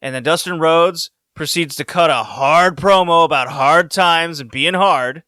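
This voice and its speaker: Man, bright forceful voice, slightly high, animated casual storytelling, dry close sound. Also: measured pace, no room sound. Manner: animated storytelling, laughing, voices rising when excited. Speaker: podcast co-host. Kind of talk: casual podcast recap.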